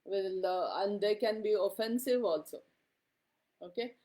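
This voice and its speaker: A middle-aged woman teaching a class. She talks in a loose, conversational way, filling pauses with "uh" and "um" and often checking in with her students with a quick "okay?". Her voice sits in an ordinary middle range. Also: medium pitch, mellow. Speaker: lecturer. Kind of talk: classroom lecture.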